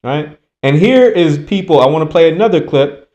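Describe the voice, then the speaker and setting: A man's voice: a little high, lively intonation, dark tone, highs cut off. Emphatic man giving political commentary. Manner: emphatic, repetitive, slowing for stress.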